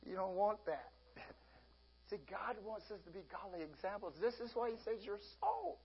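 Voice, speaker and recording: High-voiced husky preacher, slow and folksy. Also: male voice, sing-song, dull audio. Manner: folksy, often laughing, acts out everyday scenes. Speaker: pastor. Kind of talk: sermon.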